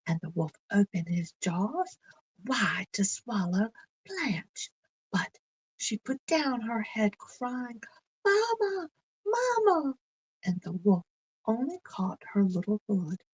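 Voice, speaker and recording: A woman storyteller reading a bedtime story aloud in a gentle, soothing way that often sinks close to a whisper. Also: mid-range voice, breathy edge, no room sound, poor audio.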